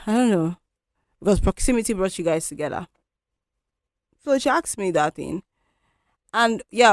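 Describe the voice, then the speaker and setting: A woman's voice: lowish voice, dry recording, studio quality. A woman hosting a solo podcast, talking in a candid, reflective, conversational way. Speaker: podcast host.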